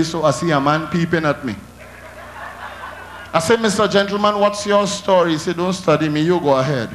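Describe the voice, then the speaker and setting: A man with a Trinidadian accent, a calypso comedian telling a comic story on stage in broad dialect with animated punchlines. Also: sits high, slight background noise.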